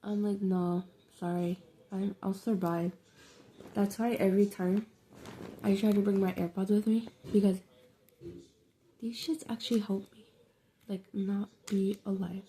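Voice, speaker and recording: A woman's voice: mid-range voice, dark tone, slight background noise. A young woman telling a rambling, slangy, profane story in a casual vlog. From New York City. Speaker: vlogger.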